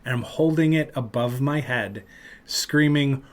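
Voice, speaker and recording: A man hosting a podcast, telling a long story in casual chat and loudly acting out what people said. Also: medium pitch, unhurried. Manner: animated, acts out loud quotes of other people. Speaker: podcast host.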